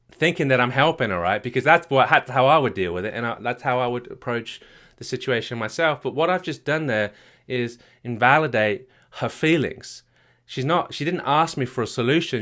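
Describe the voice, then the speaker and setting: A man's voice: mid-range voice, a bit bright. A man coaching a marriage retreat, talking emphatically, repeating his points and tagging them with "right?". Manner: emphatic and repetitive, with frequent restarts and "right?" tags. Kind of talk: retreat workshop talk. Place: retreat venue.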